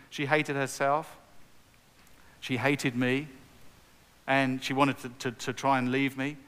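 A middle-aged male preacher with a smooth, resonant voice gives an earnest testimony. He repeats himself and builds to emphatic peaks. His words ring out with a long reverb in a large hall. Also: on the high side, fairly bright tone. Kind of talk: sermon.

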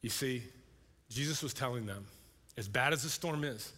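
Guy preaching in a church, chatty and animated, bright forceful voice, big echoey hall. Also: medium pitch, moderate pace. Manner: conversational, animated, acts out voices. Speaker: pastor. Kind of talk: sermon. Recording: long hall reverb.

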